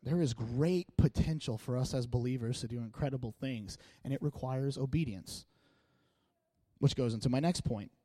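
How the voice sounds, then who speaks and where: A man giving a casual sermon in a church, talking in a chatty, joking, animated way. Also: mid-range voice, normal speed, no echo. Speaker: church speaker. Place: church meeting room.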